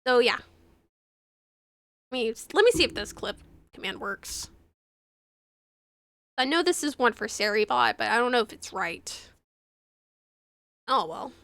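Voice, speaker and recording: A young woman streaming from home, her high voice bright and tight to a dry desk mic. She reads game text aloud and chats with viewers, turning gushy and excitable between passages. Faint game music sits underneath. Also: measured pace, gravelly, long pauses, dry recording. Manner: gushing and excitable between readings.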